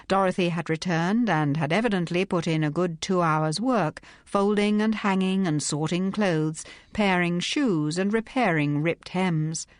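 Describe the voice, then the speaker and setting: A woman reads a novel aloud in a measured, unhurried way. Her voice is fairly low and the sound is dry and close, with no room echo. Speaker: audiobook narrator. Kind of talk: scripted narration.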